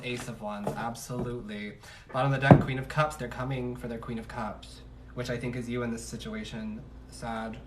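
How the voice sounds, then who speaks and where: A man's voice: mid-range voice, far from the mic, a little hiss or hum. A man giving a casual tarot reading on a livestream, chatty and slangy, joking at his own asides. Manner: chatty, slangy, laughs at himself. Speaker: tarot reader. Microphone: phone on livestream.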